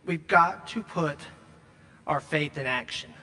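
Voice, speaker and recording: A man preaching a sermon, emphatic, repeating key lines and slowing down to stress them. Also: fairly high pitch, sharp tone, long reverb tail. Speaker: pastor.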